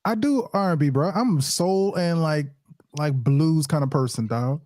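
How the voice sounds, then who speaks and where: A man's voice: fairly high pitch, a little slow, a little mellow, no echo. Slangy Southern man hosting a podcast. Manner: loose, slangy, hesitant, laughs often. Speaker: podcast host. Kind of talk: casual podcast banter.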